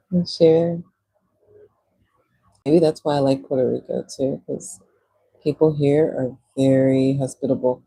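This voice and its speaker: A woman's voice: very deep voice, fairly even intonation, measured pace, long pauses, warm tone, husky, dry recording, rough recording. A woman from Texas with a Texan accent, chatting casually with viewers on a livestream and laughing often. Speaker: livestream host. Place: Puerto Rico.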